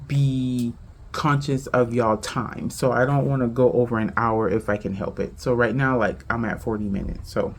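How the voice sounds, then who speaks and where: A woman from Charleston, South Carolina with a Geechee accent, hosting a casual podcast, talking fast and tripping over her words. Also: rumbling low, slight background noise. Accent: Gullah Geechee, Charleston, South Carolina. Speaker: podcast host. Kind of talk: casual family podcast chat.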